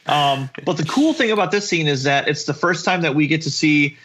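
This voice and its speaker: A man co-hosting a podcast, recapping an episode in casual chat, animated and swearing, acting out characters' lines. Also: on the high side, a little fast, a little hiss or hum. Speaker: podcast co-host.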